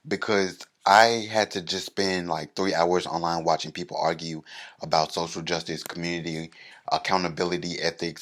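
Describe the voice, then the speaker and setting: A man doing stand-up, telling a self-mocking story with animated comic timing. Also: low voice. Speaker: comedian.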